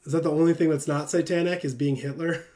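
A man's voice: fairly high pitch, fairly even intonation, fast, dark tone. A young man hosting a livestream, preaching in a casual, emphatic rant and often breaking into self-mocking laughter. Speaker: livestream host.

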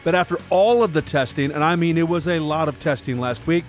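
A middle-aged man hosting a Christian devotional podcast, talking earnestly in a preachy way and building up to shouted rhetorical questions. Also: on the high side, a little fast, faint music behind. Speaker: podcast host.

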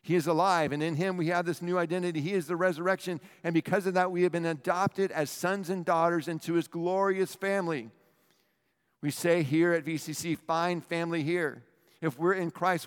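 A middle-aged man preaching a sermon as pastor, animated and talking straight to the congregation. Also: fairly high pitch, smooth. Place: church hall. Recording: long hall reverb.

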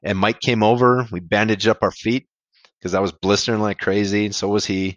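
A man's voice: fairly low pitch, fairly even intonation, a little fast, fairly bright tone, dry recording. A man being interviewed, telling a candid, rambling story about a hard race, with casual swearing. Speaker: podcast guest, amateur ultrarunner.

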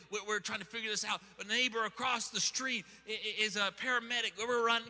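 Excitable high-voiced pastor in an echoing hall. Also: male voice, quick pace, few pauses. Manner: storytelling, excitable, repeats words when starting. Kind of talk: sermon. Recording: long hall reverb.

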